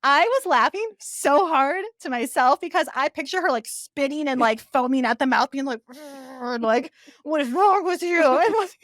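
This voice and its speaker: Co-hosting a podcast, a young woman with a high-sitting voice speaks at normal speed, laughing often as she animatedly shares stories in casual chat. The audio is clean studio sound with no echo.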